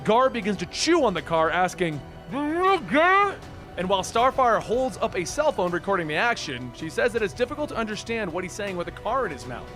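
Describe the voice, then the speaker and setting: A man's voice: high voice, expressive, fast, hardly any pauses, a bit bright, soft background music. A man narrating a comic book story as a recap storyteller.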